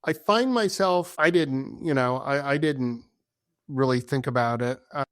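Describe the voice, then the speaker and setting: A man's voice: mid-range voice, unhurried, a bit bright, dry recording, clean studio sound. A man as a podcast guest, telling travel stories with enthusiasm and acting out the dialogue. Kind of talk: casual storytelling in an interview.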